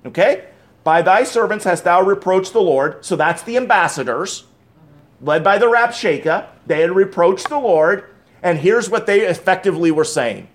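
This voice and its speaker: A man with a slightly higher-pitched voice delivers an emphatic sermon. He stresses and repeats key phrases, then drops into loose conversational asides with small restarts. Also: lively intonation, normal speed. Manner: emphatic preaching, repeats key phrases, reads scripture aloud. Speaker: pastor.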